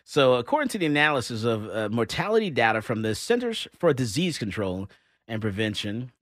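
A man's voice: medium pitch, no room sound, clean studio sound. A man hosting a podcast, joking and laughing in casual banter, then reading figures aloud. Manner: laughs often, animated banter, then reads statistics. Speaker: podcast host. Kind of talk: casual chat.

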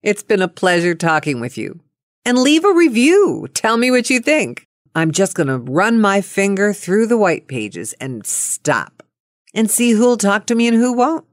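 A woman's voice: medium pitch, big pitch swings, measured pace, no room sound, clean studio sound. A middle-aged woman hosting a cold-call podcast, chatty and playful, laughing often and nervous about calling strangers. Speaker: podcast host.

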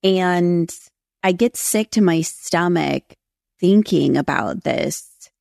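Low, gravelly woman telling her story. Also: takes it slowly, a little mellow, no room sound, studio quality. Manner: earnest, confessional, emphatic. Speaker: podcast host. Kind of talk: personal testimony talk.

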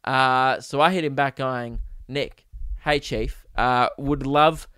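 A man's voice: mid-range voice, fairly even intonation, takes it slowly, sharp tone, clear, resonant tone, no echo, clean studio sound. A young man hosting a casual solo podcast, rambling and joking with mock drama. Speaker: podcast host.

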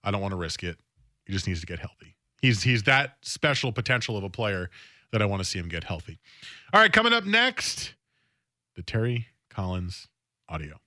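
A man's voice: low-pitched, fairly quick, sharp tone, no echo, studio quality. A man hosting a sports talk radio show, talking in a casual, opinionated way and often repeating words as he thinks aloud. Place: radio studio.

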